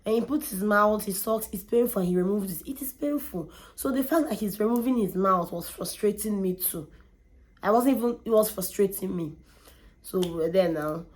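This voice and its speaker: A young woman, telling a candid personal story in an animated way and often repeating words for emphasis. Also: mid-range voice, normal speed. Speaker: vlogger.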